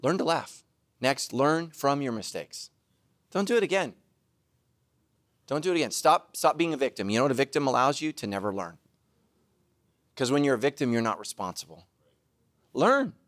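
A middle-aged man preaching a sermon as pastor, joking, laughing at himself and breaking into loud shouted asides. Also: mid-range voice, expressive, normal speed, long pauses.

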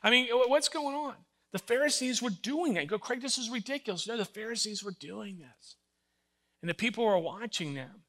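A man's voice: high voice, moderate pace. An older man preaching a sermon, telling stories with emphasis and acting out voices. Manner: animated storytelling, acts out voices, emphatic. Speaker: pastor.

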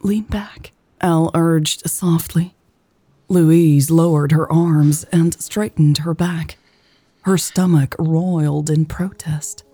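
A woman narrating a romance audiobook in a calm, intimate, unhurried way. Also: deep voice, breathy edge, dry recording.

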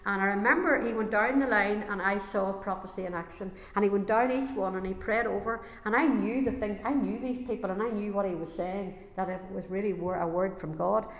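A woman's voice: mid-range voice, a little fast, hardly any pauses. A woman giving an earnest, emotional personal faith testimony to a gathering. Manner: earnest, emotional, growing intense. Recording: echoey hall with long reverb.

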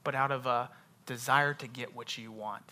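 A young adult male pastor preaching a sermon, dropping to hushed whispers and rising to loud, emphatic repetition. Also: mid-range voice, steady tone, normal speed, a little hiss or hum.

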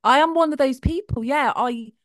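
A middle-aged woman co-hosting a podcast, chatting in an animated way and laughing easily. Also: sits high, moderate pace, dry recording, studio quality. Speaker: podcast co-host. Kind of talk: casual chat.

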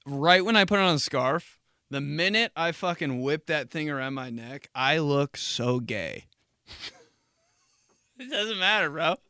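A young male podcast host with a slightly high, smooth voice delivers a casual comedic monologue, telling stories animatedly with plenty of swearing and frequent laughter. The sound is studio quality with no room sound.

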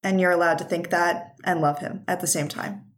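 A frank, steady young man speaks calmly in an audiobook, as a woman reads him. The voice stays low, close to the reader's own. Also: normal speed, natural voice. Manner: frank, calm.

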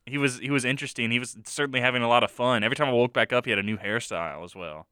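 A man's voice: mid-range voice, rapid-fire, bright, forceful tone, clear, resonant tone, dry recording, clean studio sound. A man co-hosting a podcast who chats about a film in a laid-back, hesitant way, full of fillers. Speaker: podcast co-host. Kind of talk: casual film review chat.

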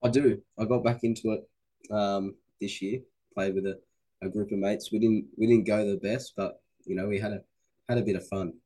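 This is a man, a guest co-host, talking in a relaxed and easygoing way. His voice is low, dark and a little husky. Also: normal speed, poor audio. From Australia. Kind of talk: casual sports chat.

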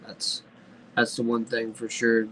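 A man who is a guest on a casual podcast chat, talking in a laid-back, halting way with casual swearing. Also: medium pitch, monotone, a bit bright, a little hiss or hum, poor audio.

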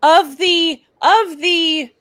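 A woman's voice: extremely high pitch, extremely slow, a bit bright, dry recording, clean studio sound. A bubbly woman who laughs often, chatting casually as a podcast host.

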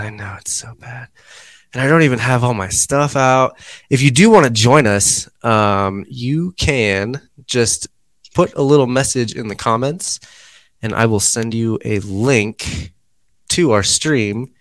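Podcast host, male, giddy and breathless, drifts into soft mumbled asides. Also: medium pitch, measured pace, dry recording. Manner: excitable, breathless, trails off quietly. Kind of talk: casual podcast chat.

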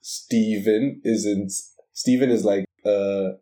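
A man chatting casually as a podcast guest, relaxed and hesitant, with many fillers. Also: on the low side, takes it slowly. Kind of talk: casual chat.

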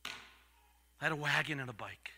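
An older man preaching a storytelling sermon, swinging from loud acted-out voices to hushed asides. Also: a little high, unhurried, slight background noise. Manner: dramatic swings from loud to whispered.

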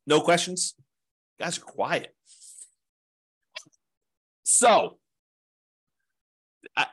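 A man's voice: medium pitch, a bit bright, slightly rough. A man teaching an informal class on real estate investing, talking in a rambling, conversational way with frequent asides.

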